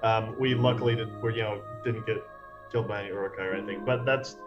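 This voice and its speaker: A man's voice: lowish voice, fairly even intonation, fast talker. A man introducing himself as a player in a tabletop game, chatting eagerly. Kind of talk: casual chat. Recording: slightly dull audio with music behind.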